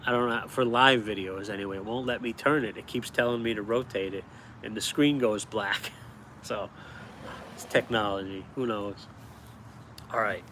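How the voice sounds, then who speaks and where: A man's voice: on the low side, moderate pace, slight background noise. Chatty upstate New York man, outdoors. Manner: animated storyteller, chuckles often. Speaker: cartoonist streaming live. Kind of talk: casual live-stream chat. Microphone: phone held vertically.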